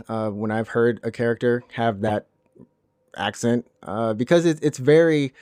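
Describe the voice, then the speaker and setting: A man's voice: medium pitch, darkish tone, dry recording. Chatty man, dry close sound. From Alabama, US South. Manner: chatty, rambling with many restarts and fillers. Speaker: podcast co-host. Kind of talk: casual chat.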